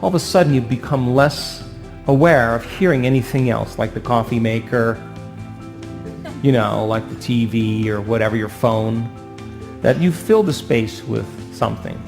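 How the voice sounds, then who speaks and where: Gravelly man giving an animated talk. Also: mid-range voice, normal speed, over music. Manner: animated, asks the audience for agreement, acts out voices. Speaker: speaker. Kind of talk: motivational talk to an audience.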